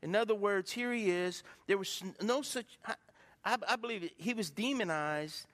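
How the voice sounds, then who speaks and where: High-voiced preaching pastor. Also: male voice, moderate pace, fairly bright tone. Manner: preaching with call-and-response to congregation. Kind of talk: sermon. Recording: long hall reverb from a church.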